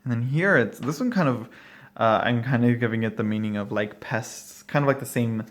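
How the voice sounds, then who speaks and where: A man at home talks casually through a card deck, rambling and thinking aloud. He fills pauses with "uh" and "you know" and laughs briefly now and then. His voice sits at a middling pitch. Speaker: tarot deck reviewer. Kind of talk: casual walkthrough talk. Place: at home, dog barking nearby.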